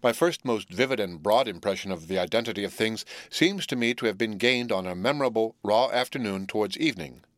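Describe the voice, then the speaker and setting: A man reads a classic novel aloud in a measured, deliberate way. His voice sits low, and the recording is dry and close to the mic, with no room sound. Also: lively intonation, fairly bright tone, no room sound. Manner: measured, deliberate literary reading. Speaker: audiobook narrator. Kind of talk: scripted narration of a classic novel.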